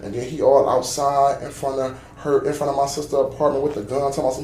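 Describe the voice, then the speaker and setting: A man's voice: medium pitch, steady tone, quick pace, few pauses, a little mellow, reverberant, recorded from a distance, slight background noise. A man giving a witness statement in a police interview, talking in an agitated, profane way and often repeating himself.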